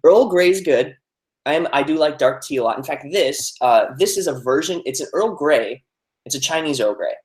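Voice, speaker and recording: A man's voice: fairly high pitch, animated, normal speed. A young man chatting casually on a live stream, reading out viewer comments, with many fillers. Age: young adult. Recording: roomy echo.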